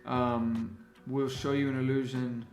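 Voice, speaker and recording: A man's voice: mid-range voice, level tone, unhurried, darkish tone, reverberant, soft background music. A man hosting a casual design livestream, thinking aloud as he works and greeting the people in the chat. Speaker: livestream host and graphic designer.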